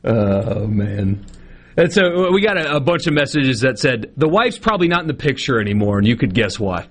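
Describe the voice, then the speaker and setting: A man's voice: medium pitch, very animated, normal speed, a bit bright. A man, co-hosting a sports radio show in casual, joking banter. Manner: joking, self-deprecating banter.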